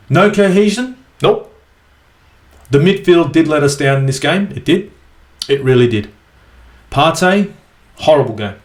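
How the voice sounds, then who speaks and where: A man's voice: a little high, roomy sound. Sweary ranting Australian man. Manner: angry, sweary, exasperated. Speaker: football fan vlogger. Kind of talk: ranting match review.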